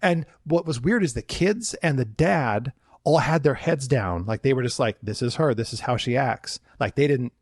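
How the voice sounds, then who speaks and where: A man's voice: medium pitch, expressive, normal speed, dry recording, clean studio sound. A man co-hosting a podcast, telling a work story in casual chat and acting out the people in it with raised voices. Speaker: podcast co-host, former theme park worker.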